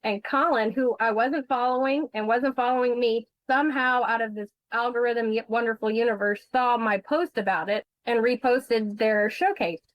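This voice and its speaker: Speaking at a moderate pace with few pauses, a woman whose voice sits on the high side shares her insurance fraud investigation story as a podcast guest. She is blunt, emotional, and swears freely; the sound is lo-fi with no room sound.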